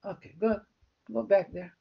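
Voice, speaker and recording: A man's voice: sits high, steady tone, moderate pace, vocal fry, slightly rough. A man, a professor giving a live coding lecture. He talks through the code step by step and keeps checking in with "né?" and "right?". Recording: dull lo-fi recording.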